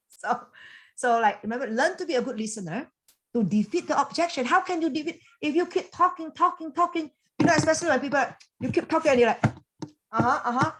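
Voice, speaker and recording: A woman giving a motivational coaching talk over a video call, animated and chatty, full of fillers and quick laughs. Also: sits high. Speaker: business coach and team leader.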